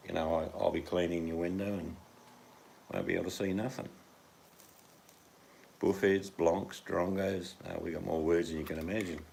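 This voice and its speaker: A man's voice: deep voice, fairly even intonation, moderate pace, creaky, long pauses, a little mellow, slight background noise. An Australian man in a casual, rambling monologue, joking and teasing with plenty of slang.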